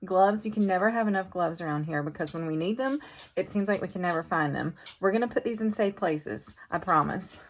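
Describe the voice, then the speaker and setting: A woman's voice: lowish voice, fairly quick, slight background noise. A middle-aged woman vlogging about farm family life, chatting casually and heartfelt with viewers. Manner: chatty and heartfelt, drifts into emotion. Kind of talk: casual vlog chat to viewers.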